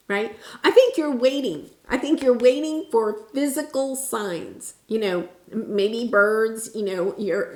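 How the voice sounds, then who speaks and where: A woman's voice: fairly high pitch, reverberant. A woman giving a casual tarot reading, talking in an earnest, reassuring way with many fillers and restarts. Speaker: tarot reader.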